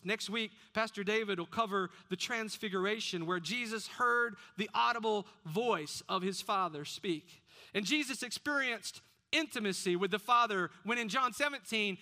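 A man's voice: high-pitched, sharp tone. A man preaching a sermon as pastor, often putting questions to the congregation.

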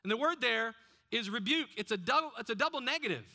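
Bright-voiced male pastor preaching. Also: very high voice, lively intonation, quick pace. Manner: asks the congregation questions. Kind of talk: sermon.

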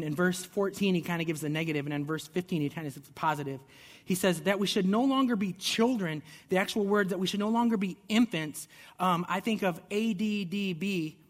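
A man's voice: sits high, big-room sound. A man giving a sermon as pastor, conversational and earnest, often restarting his words. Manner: conversational preaching with repeated restarts.

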